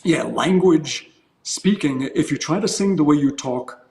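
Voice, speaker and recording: A man speaks as a guest on a casual podcast, his voice sitting slightly high. He rambles through explanations and chuckles now and then. The room around him echoes noticeably. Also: animated, unhurried, gravelly, a little mellow. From United States. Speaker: guest musician.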